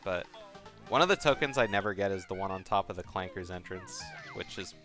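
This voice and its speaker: A man giving casual commentary on a race, chatty and relaxed, laughing often and leaning on fillers. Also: sits low, fairly quick, faint music behind.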